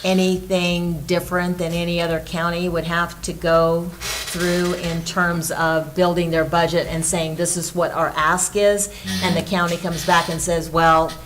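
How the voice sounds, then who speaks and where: A woman walks a school board through the budget in a low, fairly flat voice. She talks conversationally, with plenty of fillers. Faint background noise sits under the meeting-room recording. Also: moderate pace, few pauses, low-quality recording. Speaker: school official presenting budget. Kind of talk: meeting presentation.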